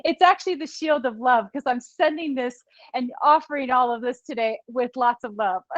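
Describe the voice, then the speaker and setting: High-voiced upbeat woman fitness instructor. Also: moderate pace, dry recording, muffled recording. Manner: encouraging, counts down reps, laughs often. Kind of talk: live online fitness class instruction. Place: small studio room.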